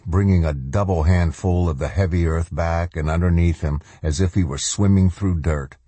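A man narrating an audiobook in a measured, deliberate storytelling manner. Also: low voice, mellow, breathy edge, dry recording. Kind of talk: scripted narration.

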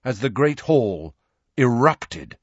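A man reading a storybook aloud as narrator, with a slow and measured delivery. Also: medium pitch, big pitch swings, husky, no room sound. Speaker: audiobook narrator. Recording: dull lo-fi recording.

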